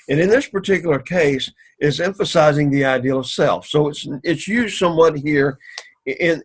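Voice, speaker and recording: A man teaching an introductory Greek class, explaining grammar methodically and reading Greek phrases slowly. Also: medium pitch, slightly rough. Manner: methodical, repeats "again" often, reads Greek slowly. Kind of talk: recorded classroom lecture. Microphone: camera recording of a lecture.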